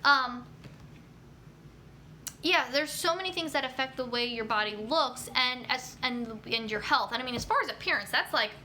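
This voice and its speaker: A woman's voice: high-pitched, lively intonation, normal speed, bright, forceful tone, a little hiss or hum. A young woman hosting a casual live stream about nutrition, reading viewer comments and answering in a chatty way, with lots of ums and you-knows. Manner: chatty, many fillers like um and you know.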